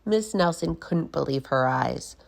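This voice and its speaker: Slow, expressive woman reading a storybook. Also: low-pitched, vocal fry. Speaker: guest story reader. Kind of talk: reading a picture book aloud.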